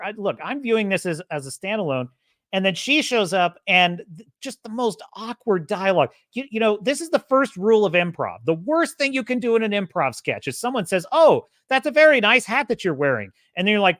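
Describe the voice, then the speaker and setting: Recorded in studio quality with no echo, a woman with a medium-pitched voice hosts a podcast, ranting casually and sarcastically. She's animated, shifting from loud to soft, laughing frequently and imitating characters in this opinionated rant.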